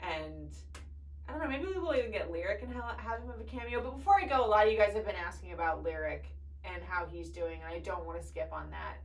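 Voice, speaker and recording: Candid young woman, lowish voice. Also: lively intonation, quick pace, distant mic, poor audio. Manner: emotional, candid, swearing, tearful at times. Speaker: podcast host. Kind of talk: casual personal chat.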